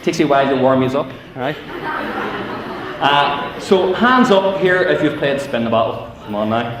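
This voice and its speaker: A middle-aged youth speaker from Northern Ireland tells funny stories to teenagers in a large civic hall, acting out voices and throwing in asides. His voice is on the high side, with lively intonation and a moderate pace. Recorded echoey and from far off, with crowd and background noise.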